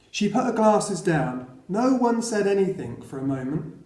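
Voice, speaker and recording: A man reading a children's novel aloud in a steady storytelling way. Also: sits high, moderate pace, reverberant. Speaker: audiobook reader.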